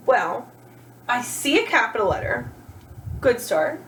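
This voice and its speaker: A woman's voice: a little high, moderate pace, long pauses, slight background noise, poor audio. A woman teacher giving a grammar lesson to children, encouraging and asking questions as she goes. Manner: animated, encouraging, asks rhetorical questions.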